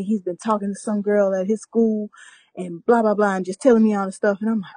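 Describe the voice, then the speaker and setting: A young adult woman in a casual chat, telling a story with lively acted-out quotes and frequent laughter. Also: mid-range voice, fast, no echo. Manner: animated storyteller, acts out quotes, laughs often.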